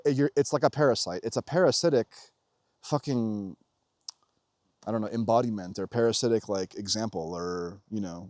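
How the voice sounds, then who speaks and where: A man delivering a casual motivational monologue about spirituality, intense and full of swearing, swinging between loud urging and low murmurs. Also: no echo, studio quality. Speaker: spiritual vlogger.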